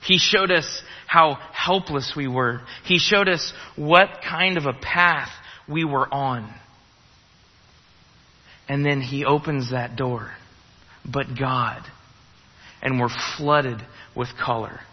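A man's voice: on the high side, takes it slowly. A man preaching a sermon, emphatic, repeating key phrases and asking rhetorical questions. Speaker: pastor. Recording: reverberant hall, dull lo-fi sound.

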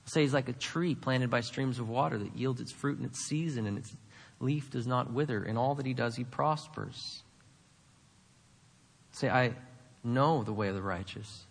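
A man's voice: medium pitch, moderate pace, creaky, breathy edge, long reverb tail. A man preaching a sermon, emphatic, with many rhetorical questions to the congregation. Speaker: pastor.

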